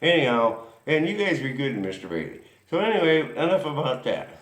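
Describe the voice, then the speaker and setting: A man's voice: medium pitch, big pitch swings, fairly quick, echoey room. A man hosting a racing history show, rambling through a folksy story with lots of chuckles and asides.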